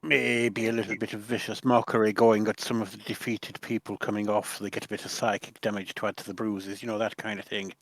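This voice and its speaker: A man's voice: on the low side, little pitch movement, a little fast, few pauses, dry recording. A man chatting casually as a player in a tabletop game, with hedging asides.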